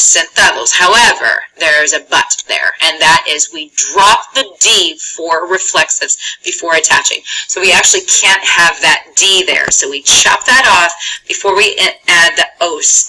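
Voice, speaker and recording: A woman's voice: on the low side, bright, forceful tone, slightly rough, rough recording. A woman teaching a Spanish lesson in a chatty, encouraging way, explaining step by step and checking in often. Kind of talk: recorded classroom lesson.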